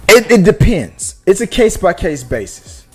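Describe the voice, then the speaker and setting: A man's voice: high-pitched, sing-song, moderate pace, a little mellow, husky, faint music behind. A man co-hosting a casual live-stream movie talk show, making his points with emphatic rhetorical questions. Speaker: podcast co-host.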